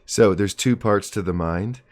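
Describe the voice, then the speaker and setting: A man in his forties hosting a live mindset stream, explaining ideas in plain terms with a relaxed, joking manner. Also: on the low side, unhurried. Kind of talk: live stream talk and teaching.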